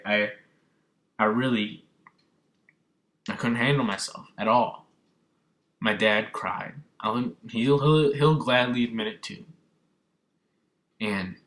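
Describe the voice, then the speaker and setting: An earnest young man talks through a film review, rambling and circling back with lots of "you know"s. His voice sits on the low side but comes out bright and forceful. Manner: rambling, repeats himself, many fillers; earnest and moved. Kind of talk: casual emotional film review.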